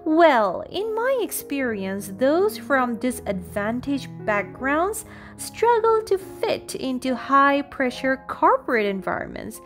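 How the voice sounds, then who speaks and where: A condescending female interviewer who pries and belittles, read in a woman narrator's own voice. The voice sits a little high. Faint music runs underneath. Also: big pitch swings, takes it slowly, full character voice. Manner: dismissive, prying.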